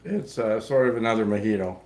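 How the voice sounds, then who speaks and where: A man co-hosting a live stream, chatting casually in a halting way with lots of fillers. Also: lowish voice, a little mellow, roomy sound.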